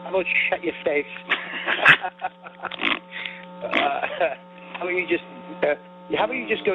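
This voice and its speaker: A man's voice: sits high, unhurried, long pauses, music in the background. A man co-hosting a comedy podcast, ranting in a heated, profane way about being insulted and calling himself sensitive. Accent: New York. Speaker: podcast co-host. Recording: tinny phone-like audio.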